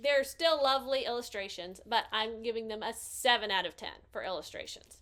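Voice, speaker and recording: A woman hosting a casual picture book review, cheerful and gently enthusiastic as she hands out scores. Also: fairly high pitch, fairly quick.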